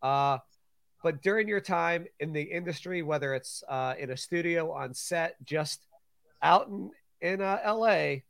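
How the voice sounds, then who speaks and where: A man's voice: on the high side, unhurried, creaky, a bit bright, no room sound, clean studio sound. A man hosting a podcast interview, asking questions in a hesitant way with many "uh"s and repeated words. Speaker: podcast host. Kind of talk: casual interview chat.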